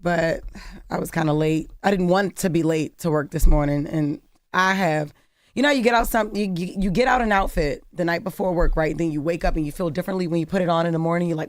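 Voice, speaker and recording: A woman from Maryland with a deep, raspy voice, co-hosting casual morning radio banter in a studio, animated and quick to laugh. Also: no echo. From Maryland, USA. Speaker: radio co-host. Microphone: studio microphone.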